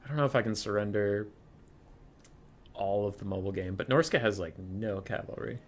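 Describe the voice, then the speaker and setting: A man's voice: on the low side, a little fast, a little hiss or hum. Chatty man streaming a strategy game. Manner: chatty, thinking aloud, muttering. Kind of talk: casual stream commentary.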